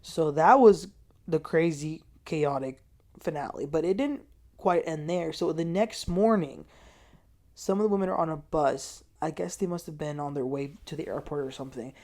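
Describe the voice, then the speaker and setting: A woman with a somewhat low voice recaps a reality show in a casual way. She tells the story with animation and jumps up in pitch when she quotes people. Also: moderate pace, mellow. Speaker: TV recap host.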